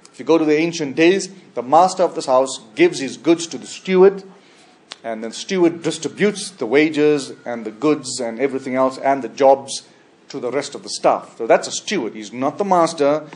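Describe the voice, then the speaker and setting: A man preaching a sermon as a pastor, emphatic, with sudden loud high bursts, quiet trailing endings and frequent restarts. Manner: frequent restarts and repeated words. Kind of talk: expository sermon.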